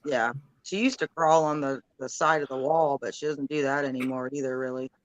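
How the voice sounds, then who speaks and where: A woman's voice: a bass voice, steady tone, a little fast, rough recording. A woman in her late thirties, a guest in a casual chat, talking in a rambling, giggly way. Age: 30s.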